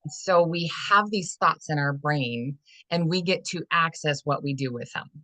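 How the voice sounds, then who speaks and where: A woman with a notably low voice shares her own experience as a coaching guest. She is frank and earnest, often restarting mid-phrase. The sound is dry and close. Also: a little slow, sharp tone, no echo. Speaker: holistic fitness and life coach guest. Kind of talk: candid personal storytelling.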